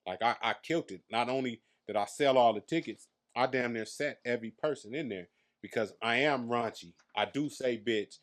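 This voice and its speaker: A man in his thirties from Las Vegas, USA, appears as a comedian guest in a casual interview, telling brash, profane, boastful stories. His voice sits in the mid-range, a bit bright, at a normal speed.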